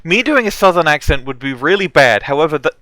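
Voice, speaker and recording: A man's voice: fairly high pitch, expressive, fast talker, pushed and bright, no room sound. A man chatting casually while recording a fan game dub, hesitant and stammering, with some swearing. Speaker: fan voice actor.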